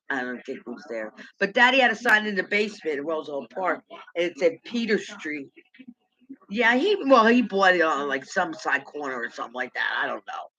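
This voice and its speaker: A middle-aged woman telling loose, halting stories from her past, repeating words as she goes and laughing at her own memories. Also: deep voice, pushed and bright, low-quality recording. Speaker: vlogger. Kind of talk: rambling personal storytelling.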